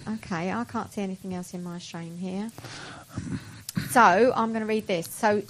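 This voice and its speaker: A woman's voice: mid-range voice, fairly even intonation, normal speed, poor audio. A woman from England co-hosting a casual radio chat, reading out announcements and teasing her co-host, laughing often.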